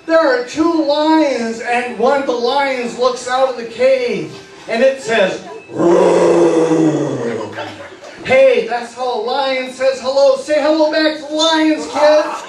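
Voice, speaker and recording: A man working as a stage hypnotist, guiding volunteers through suggestions with slow, coaxing, playful patter. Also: extremely high pitch, steady tone, noisy background. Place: party venue with audience. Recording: echoey room from far off, faint music.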